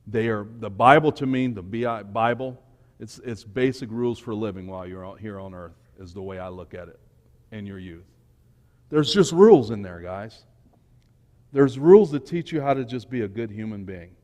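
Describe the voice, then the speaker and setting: Man, 40s, low voice, casual emotional youth sermon, hall reverb. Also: expressive, moderate pace. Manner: casual, emotional, swings from quiet to loud. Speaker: speaker at a church youth talk. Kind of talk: informal sermon to young people. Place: church hall. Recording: long church hall reverb.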